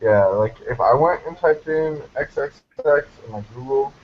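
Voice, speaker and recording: A man's voice: mid-range voice, moderate pace, muffled recording, slight background noise. A man joking and teasing as a guest in a casual group video chat.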